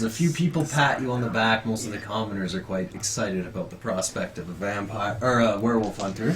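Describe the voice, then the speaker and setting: A man narrating as game master of a tabletop game, unhurried and lively. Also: lowish voice, a crowd in the background.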